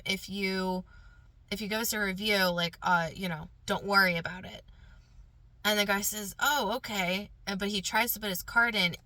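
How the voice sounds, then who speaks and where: Woman podcaster, earnest and kinda emotional, bright voice. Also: medium pitch, dry recording. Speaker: podcast host and coach. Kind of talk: casual storytelling and spoken affirmations.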